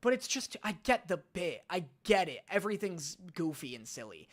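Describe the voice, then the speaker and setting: A man's voice: high-pitched, sing-song, normal speed. A man rambling casually to his stream audience as a reaction host. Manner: rambling, self-deprecating, restarts often.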